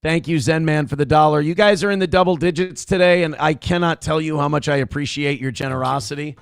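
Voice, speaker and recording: Gravelly wisecracking morning-show host. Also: male voice, on the high side, fast, no room sound, clean studio sound. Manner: wisecracking, reads chat messages aloud. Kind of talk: casual banter, reading viewer donations.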